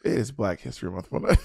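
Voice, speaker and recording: A man's voice: deep voice, lively intonation, fairly quick, vocal fry, husky, no room sound, studio quality. A man co-hosting a podcast, chatting casually and teasing the others. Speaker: podcast co-host. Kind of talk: casual chat.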